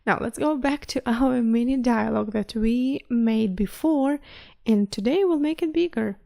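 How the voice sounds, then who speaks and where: A woman teaching a language lesson online, patiently pausing so the listener can repeat. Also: a little high, vocal fry, mellow.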